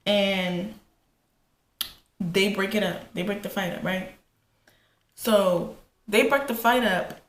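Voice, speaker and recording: A woman vlogger casually telling a personal story while getting ready, animated and profane, acting out quotes. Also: takes it slowly, long pauses. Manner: animated, profane, retells quotes with rising pitch. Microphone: camera in front. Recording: echoey room with faint ambience.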